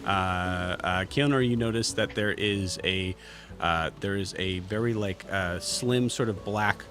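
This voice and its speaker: A man running a tabletop game as game master, describing items in halting, filler-heavy casual speech. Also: sits low, music in the background.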